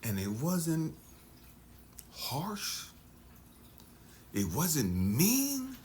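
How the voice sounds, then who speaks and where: A man speaking as a life coach in an intense motivational talk, dropping to hushed near-whispers and then surging for emphasis. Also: on the high side, huge pitch swings, drawn-out words, slight background noise.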